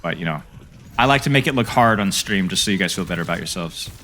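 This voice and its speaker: A man's voice: low-pitched, lively intonation, fast, bright, forceful tone, faint music behind. A young man coaching a player through game footage, trading playful banter with his stream chat between tips.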